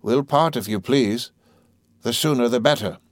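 A man voicing a pompous, angry older male headmaster who talks slowly and blusters. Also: medium pitch, no room sound, clean studio sound, pitched above the performer's own voice, natural voice. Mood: blustering.

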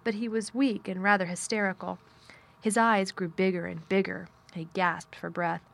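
A woman narrating a children's audiobook in a calm, measured storytelling manner. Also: mid-range voice, gravelly. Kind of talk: audiobook reading.

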